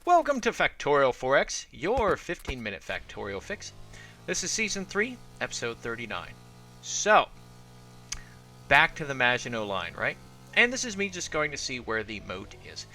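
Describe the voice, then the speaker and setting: Bright-voiced rambling gaming host. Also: male voice, medium pitch, wildly swooping pitch, moderate pace, soft background music. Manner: rambling, self-deprecating, digressive. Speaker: let's play host. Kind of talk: casual gameplay commentary.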